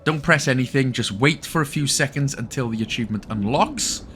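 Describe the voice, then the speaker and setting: A man's voice: mid-range voice, fairly quick, fairly bright tone, slight background noise. A Welsh man hosting an achievement guide, talking chattily with joking asides. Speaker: gaming channel host. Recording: faint game music behind.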